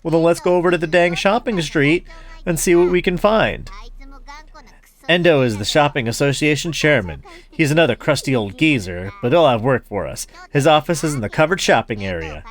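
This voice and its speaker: A man's voice: fairly high pitch, expressive, moderate pace, faint music behind. A man playing through a story game, reading all the characters' lines aloud and joking about them. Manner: reads every character aloud, switching voices; jokey, laughs at the game. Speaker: gaming YouTuber. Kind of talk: let's play, voicing game dialogue.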